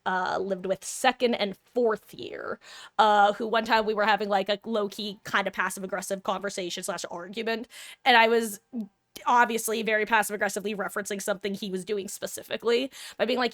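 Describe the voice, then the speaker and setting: A woman's voice: medium pitch, steady tone, fairly quick, fairly bright tone. Young woman, twenties, casual live-stream host; loose, chatty, self-deprecating.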